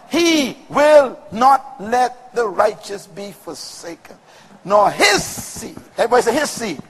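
A man preaching a sermon to a congregation with call-and-response and rhythmic, shouted peaks. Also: sits high, very animated, slow pace, slightly rough. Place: large room with congregation. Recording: long reverb of a large hall.

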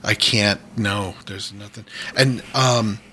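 A man from New England, guest on a radio show, chatting casually and laughing between quick jokes. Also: fairly low pitch, fairly even intonation, pushed and bright, slight background noise. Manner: laughing, joking, doing quick impressions. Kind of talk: casual chat.

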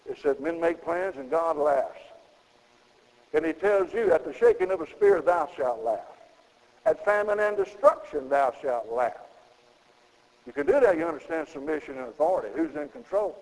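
Middle-aged preacher, gravelly and fairly high, folksy sermon in a long-echo hall. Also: male voice, big pitch swings, moderate pace, darkish tone. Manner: folksy preaching with sudden high emphatic rises.

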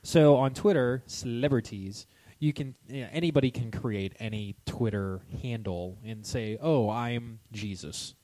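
A man's voice: mid-range voice, unhurried, hardly any pauses, mellow. A young man co-hosting a podcast in casual chat, rambling with many restarts and frequent laughs. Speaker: podcast co-host.

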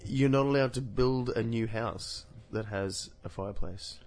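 Male co-host with a mid-range voice, easygoing podcast banter, deadpan ribbing. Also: mid-range voice, measured pace. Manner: teasing, dry jokes. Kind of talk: casual chat.

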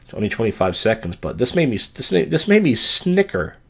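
A man's voice: mid-range voice, very animated, brisk, vocal fry, breathy edge. A man hosting a show, giving rambling, profane, self-mocking commentary on clips. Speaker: show host reacting to clips.

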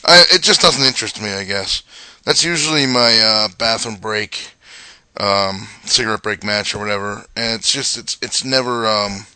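Bright-voiced ranting podcast man. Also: lowish voice, normal speed, clear, resonant tone, dry recording. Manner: rambling, ranting with many fillers. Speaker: wrestling podcast co-host. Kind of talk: casual chat.

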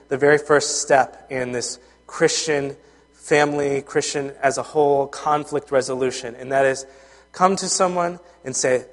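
A man delivering a sermon in an earnest, conversational way, his mid-pitched voice trailing off into fillers and restarts. His words ring out with a long reverb, as if spoken in a large church hall. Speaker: pastor.

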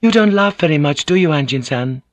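A man doing a gracious young noblewoman with a raised, lighter voice. She speaks calmly and formally, gently teasing, in a dry studio audiobook read. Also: a little high, no echo, voice pushed up, natural voice. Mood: calm, gentle. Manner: calm, measured, formal phrasing. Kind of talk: audiobook character reading.

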